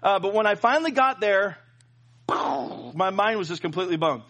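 A middle-aged male pastor preaching a sermon, telling a story with animated, jokey asides to the congregation. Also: high-pitched, moderate pace. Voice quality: plenty of filler and restarts, jokey.

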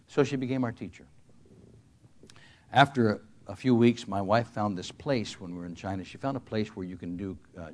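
Older male pastor, low-pitched, earnest emphatic sermon storyteller, faint background noise. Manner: earnest, emphatic, with frequent restarts. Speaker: retired pastor.

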